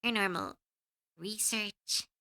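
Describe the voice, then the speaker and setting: A woman's voice: medium pitch, takes it slowly, pushed and bright. A woman streamer chatting casually while she draws on a live stream, giggling often and musing aloud.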